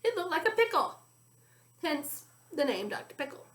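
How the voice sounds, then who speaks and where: High-voiced woman reading a storybook. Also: moderate pace, echoey room. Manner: friendly, expressive storytelling. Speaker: story reader. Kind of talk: reading a children's chapter book aloud.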